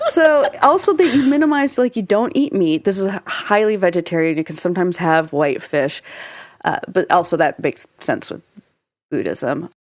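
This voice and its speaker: A woman's voice: on the low side, expressive, normal speed, dry recording. A young adult woman co-hosting a podcast, explaining at length in casual chat with lots of filler words. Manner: chatty, explains at length with frequent "like" fillers and laughs. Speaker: podcast co-host.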